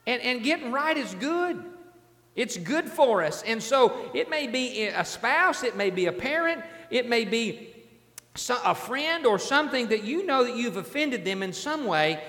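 A man's voice: very high-pitched, very animated, unhurried, bright, forceful tone, long reverb tail. A man preaching a sermon as a pastor, in a conversational way, often repeating his words and asking the congregation questions.

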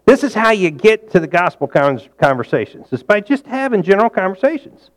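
A man preaching a conversational sermon, folksy, asking the congregation questions and swinging from loud, high emphasis to quiet, low asides. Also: sing-song, a little fast. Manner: folksy, engages the audience with questions.

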